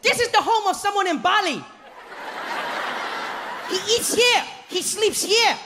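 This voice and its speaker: A man's voice: extremely high pitch, animated, measured pace, a crowd in the background, voice pushed up, heavily acted. A man voicing an overly cheerful male tour guide with a chirpy, sing-song delivery. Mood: overjoyed. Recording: echoey venue with faint noise.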